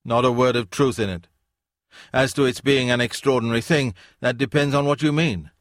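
A man's voice: medium pitch, fairly bright tone, no room sound, clean studio sound, voice pushed up, lightly acted. A man voicing an older male academic who speaks bluntly and dismissively, in a storybook reading. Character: blunt older male don, gruff and disillusioned.

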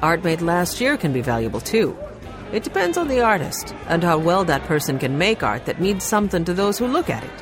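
A woman voicing a gentle adult male gallery owner in an audiobook, patient and explanatory. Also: fairly low pitch, big pitch swings, fairly quick, music in the background. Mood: explaining.

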